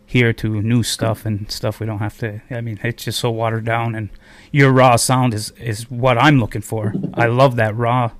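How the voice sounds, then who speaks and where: A man's voice: medium pitch, little pitch movement, moderate pace, dry recording. A man hosting a small community radio show, from a reservation on the Canadian border, in a loose, rambling live interview. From Akwesasne, on the Canada-US border. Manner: rambling, loose, with many fillers.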